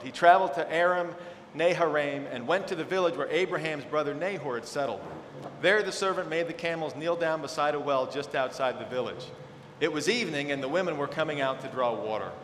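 A man teaching from the Bible to a congregation in a relaxed, conversational way, with self-deprecating asides between readings. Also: a little high, a little hiss or hum. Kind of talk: sermon with scripture reading. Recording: echoey hall, faint ambience.

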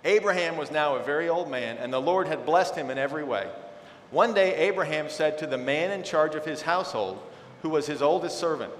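A man teaching from the Bible to a congregation in a relaxed, conversational way, with self-deprecating asides between readings. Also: on the high side, brisk, slight background noise. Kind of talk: sermon with scripture reading. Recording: echoey hall, faint ambience.

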